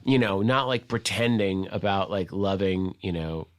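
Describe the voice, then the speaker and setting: A man, a guest on the show, telling a casual anecdote in a fast, profane storytelling manner. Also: low voice.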